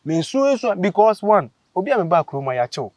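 A man, casually telling a story on a vlog, animated and laughing as he acts out what people said. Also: sits high, fast talker, no room sound. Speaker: vlogger host.

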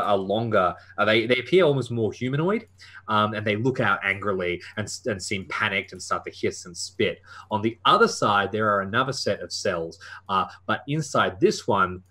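A man runs a tabletop horror game as its narrator. His voice sits fairly low, and he often pauses and fills gaps with fillers as he describes the scene. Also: a bit bright. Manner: hesitant, many fillers. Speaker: game master.

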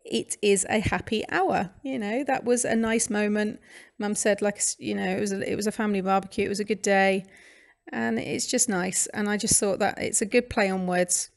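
A woman's voice: mid-range voice, steady tone, normal speed, vocal fry. A British woman hosting a craft channel, chatting casually through a scrapbooking voice-over with fillers and restarts. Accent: British English. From United Kingdom. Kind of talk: casual voice-over narration of a scrapbooking process video.

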